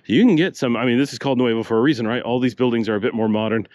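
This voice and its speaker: A man's voice: mid-range voice, rapid-fire, a little mellow, dry recording. Older man narrating a walk, breathing hard. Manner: chatty, rambling asides. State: breathing hard with a slight cough. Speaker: travel vlogger. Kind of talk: casual walking-tour narration. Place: city streets outdoors, walking.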